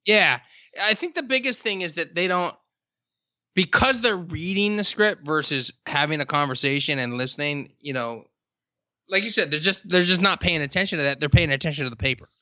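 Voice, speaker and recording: Bright, emphatic man in podcast chat. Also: a little high, expressive, no room sound, dull audio. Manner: emphatic, storytelling, drawn-out stresses. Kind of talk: casual podcast conversation.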